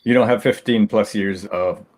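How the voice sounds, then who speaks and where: A man with a very low voice joins a casual online panel as a guest. He explains things plainly and now and then teases the host dryly. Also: normal speed, darkish tone.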